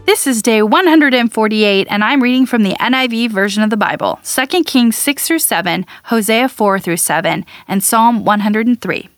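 A woman hosting a podcast and reading scripture aloud in a measured, gently expressive way. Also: on the high side, soft background music. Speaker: podcast host and Bible reader.

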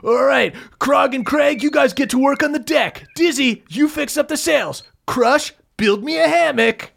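A game master voicing a laid-back male surfer-dude ape who talks in surfer slang and shouts a lot. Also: high-pitched, unhurried, gravelly, voice pushed up, exaggerated voice. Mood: bossy.

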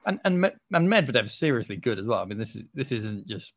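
A man in casual chat on a podcast, speaking in a measured, hedging way. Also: medium pitch, big pitch swings, a bit bright.

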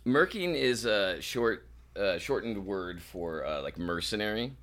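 A man's voice: lowish voice, expressive, a little slow, fairly bright tone. A man in his late thirties from Wisconsin, a guest in casual chat, joking and self-deprecating. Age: 30s.

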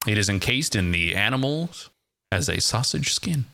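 Bright-voiced man quizzing a co-host. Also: on the low side, lively intonation, normal speed, gravelly. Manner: reads out facts in a dry, matter-of-fact way. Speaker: podcast host. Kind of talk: casual quiz chat.

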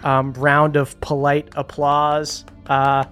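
A woman narrating a tabletop game as game master, in a relaxed, chatty way with plenty of fillers. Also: low-pitched, slow pace, soft background music.

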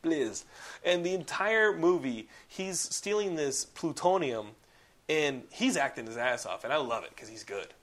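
A man's voice: on the high side, normal speed. A man in casual chat reviewing films, rambling with lots of "like" and swearing. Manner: rambling, heavy use of "like", profane and animated. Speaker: podcast co-host reviewing films.

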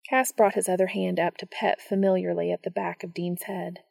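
A woman narrating a romance story aloud in a calm, soft storytelling manner. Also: fairly low pitch, moderate pace, gravelly, breathy edge, no echo.

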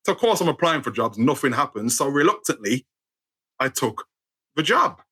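A young British man telling a funny personal story as a guest, animated and acting out the people in his tale. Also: mid-range voice, moderate pace, slightly rough. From United Kingdom.

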